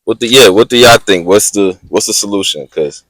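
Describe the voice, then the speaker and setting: A laid-back male co-host with a fairly low voice, who mostly chimes in with short agreeing replies in casual chat. The sound is dry and close, with no room echo. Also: a little fast, a bit bright. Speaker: podcast co-host.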